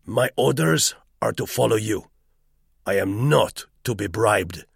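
Male narrator doing a stubborn peasant, husky and flat. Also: lowish voice, unhurried, dry recording, clean studio sound, exaggerated voice. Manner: mulish and flat.

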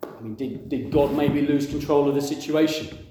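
A man's voice: a little high, steady tone, moderate pace, noisy background. A man preaching a conversational sermon, asking the congregation questions and acting out quoted voices. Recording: very echoey room.

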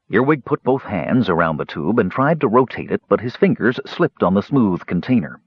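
A man narrating a fantasy audiobook in a dramatic, animated storytelling manner, in a dull lo-fi recording. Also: on the low side, normal speed, gravelly, hardly any pauses, slightly rough, no room sound.

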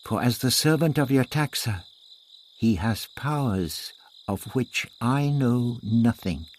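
A man's voice: mid-range voice, expressive, slow, darkish tone, a little hiss or hum, voice pushed up. A man voicing a proud, formal male Aztec warrior who speaks in a stately way.

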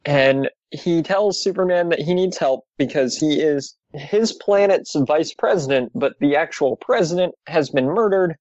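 A man's voice: fairly high pitch, unhurried, few pauses, no room sound, highs cut off. A man casually recapping an old comic book story on a podcast, with dry asides. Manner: steady summarizing, dry asides. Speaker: podcast host.

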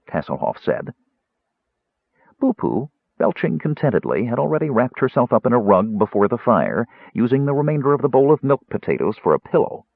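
A fairly low-voiced man narrates a fantasy audiobook with lively, animated pitch and a husky tone. The recording is dry and tinny, like it is coming over a phone. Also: normal speed, no echo. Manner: dramatic, lively storytelling.

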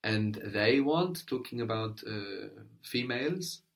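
A man's voice: medium pitch, expressive, takes it slowly. A man teaching a language lesson, patiently prompting his student with questions and praising the answers.

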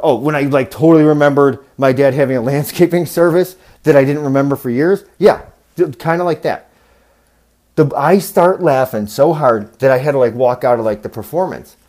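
A man tells long, rambling stories on his podcast, swearing freely and slipping into quick impressions of the people he talks about. His voice sits at an ordinary middle pitch, and the tone stays casual and loose throughout. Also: a little mellow. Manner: profane, rambling, acts out quoted voices. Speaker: podcast host. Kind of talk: casual storytelling monologue.

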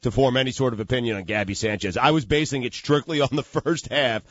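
A man co-hosting a sports talk radio show, chatty and quick to chime in. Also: mid-range voice, no echo, dull audio. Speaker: radio co-host.

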